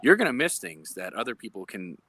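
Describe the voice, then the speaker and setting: A man from law enforcement joins a live chat over his phone. He explains things earnestly and often pauses to search for words. His voice is lowish but bright and forceful. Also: big pitch swings, a little hiss or hum.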